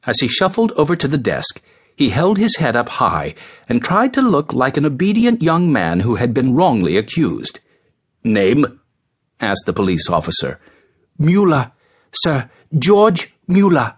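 A man narrating an audiobook in an expressive, dramatic storytelling manner. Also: mid-range voice, moderate pace, slightly rough.

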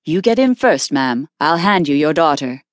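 A woman voicing a large, kind male stranger who speaks calmly and reassuringly, in a dry recording. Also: low-pitched, normal speed, no room sound.

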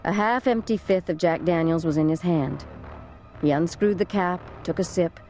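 A woman narrating a thriller audiobook in a measured, suspenseful reading, close to the microphone. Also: lowish voice, darkish tone, soft background music. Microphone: close studio mic.

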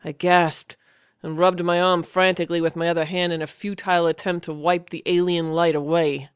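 A man's voice: on the high side, flat delivery, normal speed, clean tone, no room sound, clean studio sound. A man reading a first-person fantasy audiobook in a tense, vivid storytelling manner. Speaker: audiobook narrator.

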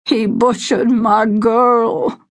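A woman voicing a big grief-stricken father who shouts and sobs in anguish. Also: a little high, little pitch movement, very slow, pitched above the performer's own voice.

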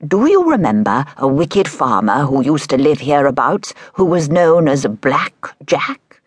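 Woman narrator voicing mysterious old blind shopkeeper, deliberate storybook read, lively pitch, dry sound. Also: husky, dry recording, exaggerated voice.

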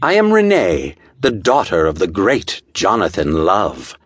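A man's voice: on the low side, big pitch swings, unhurried, breathy edge, dry recording, clean studio sound, full character voice. A man putting on a teasing young society girl. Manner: teasing, mock-regal. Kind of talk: audiobook character voice.

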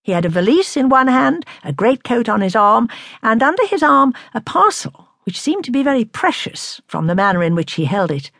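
A woman narrating a classic novel in a measured, expressive way. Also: on the high side, creaky, dry recording, clean studio sound. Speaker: audiobook narrator.

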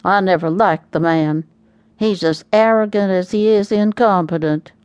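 A woman voicing a grumpy old father who talks bluntly and slowly in an audiobook. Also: medium pitch, a little mellow, smooth, no echo, lightly acted. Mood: gruff.

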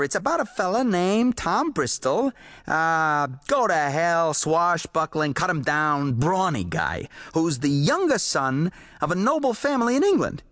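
A man voicing an excitable, boastful male pulp writer who rambles eagerly in folksy slang. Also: fairly high pitch, dry recording, clean studio sound. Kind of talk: audiobook character voice.

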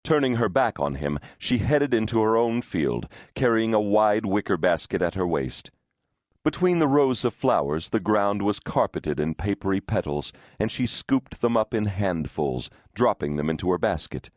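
A man reading a historical novel aloud as an audiobook narrator, measured and expressive. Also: fairly low pitch, no room sound, studio quality. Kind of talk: scripted narration. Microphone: studio microphone.

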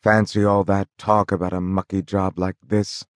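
Guy doing a squeaky touchy little ex-con, whispery and sly, dry close mic. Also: level tone, moderate pace, dry recording, lightly acted. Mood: sly whisper.

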